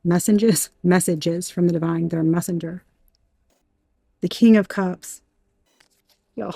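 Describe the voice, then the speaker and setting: A woman giving a tarot reading in an emphatic, animated way, talking straight to the viewer and swearing now and then. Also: lowish voice, unhurried, vocal fry, husky, no echo. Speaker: tarot reader.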